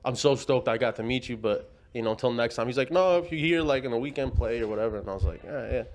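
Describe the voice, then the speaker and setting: A podcast host speaks fast in a medium-pitched, darkish voice, telling a rambling anecdote in a casual storytelling chat, packed with quoted dialogue.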